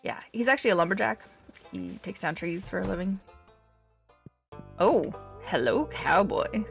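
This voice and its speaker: A woman's voice: medium pitch, sing-song, moderate pace, gravelly, pauses often, faint music behind. A woman giving casual, chatty commentary while live-streaming a game, thinking aloud as she plays.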